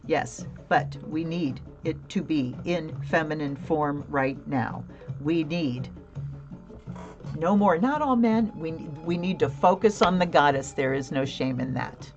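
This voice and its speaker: A woman's voice: low-pitched, unhurried, dull audio, music in the background. A woman hosting a casual live tarot reading, chatting, laughing often and answering viewer comments. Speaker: tarot reader and livestream host.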